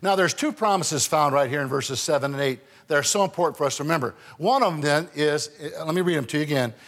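A man's voice: fairly high pitch, fast, fairly bright tone, in a large hall. A male pastor preaching a sermon in church, with emphatic rising calls and call-and-response to his congregation. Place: church sanctuary.

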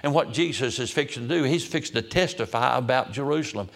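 A man's voice: medium pitch, quick pace, vocal fry, fairly bright tone. A man preaching in a mid-range voice. He pleads fervently and returns again and again to the same appeals. He sounds like a pastor leading prayer and giving a sermon.

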